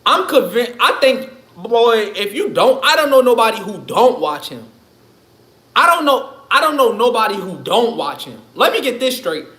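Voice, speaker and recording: A man's voice: very high-pitched, sing-song, normal speed, pushed and bright. A man ranting on his livestream in a loose, profane, rambling way, laughing often. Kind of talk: casual livestream rant. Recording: echoey room.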